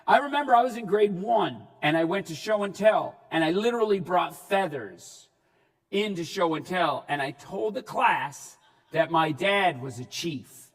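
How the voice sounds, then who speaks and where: A man giving a comedic keynote talk, telling stories in an animated way and shouting punchlines. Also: sits high, normal speed, breathy edge, distant mic. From Newfoundland, Canada. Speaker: keynote speaker. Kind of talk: comedic storytelling speech. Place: large hall before an audience. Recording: reverberant hall, speaker off-mic.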